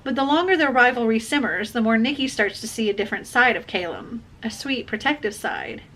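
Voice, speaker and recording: A woman chatting casually as she unboxes book subscription boxes, gushing excitedly over each item. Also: a little high, fairly quick. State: has the hiccups.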